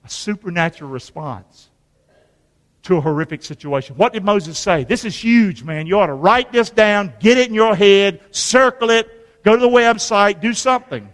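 A male pastor preaching a sermon, lively and conversational, with call-and-response and joking asides. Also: high-pitched, moderate pace. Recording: long hall reverb.

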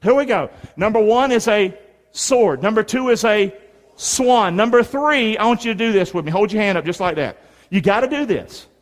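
Preaching in a church sanctuary, a middle-aged pastor leads the crowd in call-and-response and hand signs. His high-pitched voice has lively intonation at a moderate pace, and the large hall gives a long reverb.

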